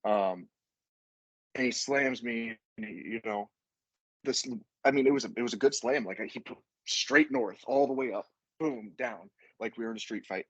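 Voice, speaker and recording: A man's voice: medium pitch, moderate pace, a bit bright, no echo, lo-fi sound. A man, a podcast guest, telling a rambling, profane story in casual chat and laughing as he goes.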